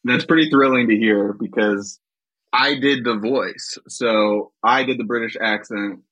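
A man, a comedian and actor, talking in a relaxed, self-deprecating way as an interview guest. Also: medium pitch, measured pace, no echo, low-quality recording. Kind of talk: casual interview.

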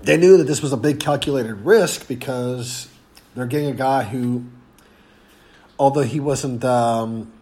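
A man's voice: mid-range voice, measured pace, mellow. A congested man with barely any voice left, hosting a casual sports podcast. He rambles along, with plenty of ums and false starts. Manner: rambling, frequent ums and restarts. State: congested, losing his voice. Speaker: podcast host.

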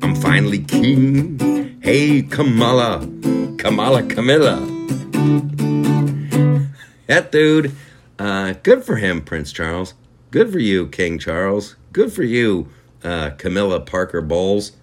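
A man's voice: deep voice, big pitch swings, measured pace, soft background music. A man hosting a comedy podcast, ranting in a crude, rambling and mocking way.

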